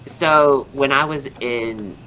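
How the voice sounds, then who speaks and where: A man's voice: mid-range voice, slow pace, heavy background noise. A young man with a Southern American accent hosting a podcast, chatting casually and rambling upbeat with lots of fillers. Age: young adult. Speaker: podcast host and astrologer. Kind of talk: casual chat.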